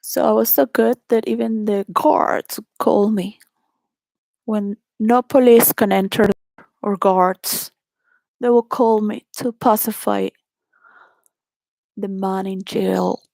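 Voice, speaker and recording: A woman's voice: medium pitch, fairly even intonation, slow pace, gravelly, long pauses, a little mellow, no echo, clean studio sound. A woman from Venezuela telling candid personal stories in a rambling way, laughing often and restarting her sentences.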